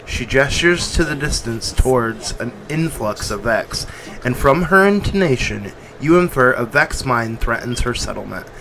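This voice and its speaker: A man's voice: mid-range voice, animated, normal speed, background noise. A man streaming a video game in casual, joking commentary, sometimes swearing and reading the on-screen text aloud.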